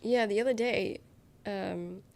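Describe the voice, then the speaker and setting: A woman's voice: medium pitch, slow pace, gravelly, darkish tone. A young woman with a nasal, under-the-weather voice, rambling through casual chat with her live viewers, giggling and swearing freely. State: sick, congested. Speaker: live streamer.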